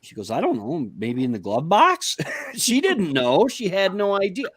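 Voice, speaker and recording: A man's voice: high-pitched, huge pitch swings, moderate pace, fairly bright tone, dry recording. A man telling a rambling anecdote in casual chat on a livestream.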